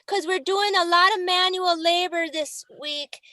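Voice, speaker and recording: A woman's voice: very high-pitched, steady tone, unhurried, bright, forceful tone, dry recording, studio quality. A woman chatting casually over a video call from inside a truck, giving easygoing short answers with a laugh. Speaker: comedian.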